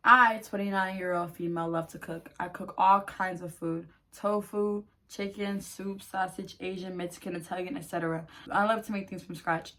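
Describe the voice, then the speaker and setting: A woman creator reacts to online posts in a casual vlog. She reads the stories at a subdued, even level. Then she bursts in with blunt, heavily profane commentary. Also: moderate pace, hardly any pauses. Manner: profane, blunt outbursts between calmer reading; reads posts aloud in a lower, quieter voice.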